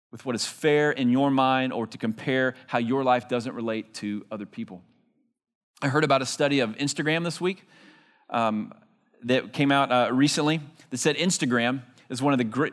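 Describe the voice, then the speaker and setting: A man's voice: medium pitch, a bit bright. Conversational male preacher with rhetorical questions. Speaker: pastor. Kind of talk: sermon. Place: church in front of a congregation.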